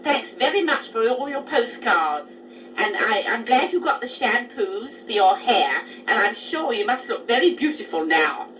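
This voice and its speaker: An aunt speaking a fond, gently teasing taped message to her niece. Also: a little high, sing-song, moderate pace. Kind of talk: spoken letter on tape. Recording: distant home tape recording with hiss.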